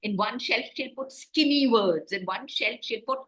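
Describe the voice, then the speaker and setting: Over a video call, a woman author tells children a story in a fairly high-pitched voice at a moderate pace. She's animated and keeps pausing to ask the kids questions.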